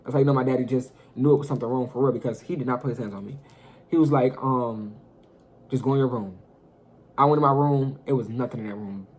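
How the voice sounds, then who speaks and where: A young man telling a personal story in a casual vlog, animated and profane, talking straight to his viewers. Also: mid-range voice, fast talker. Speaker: storyteller vlogger.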